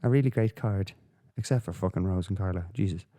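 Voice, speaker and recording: Low and warm, this male podcast host speaks at a brisk clip on his solo show. His casual commentary wanders, full of profanity and frequent filler words.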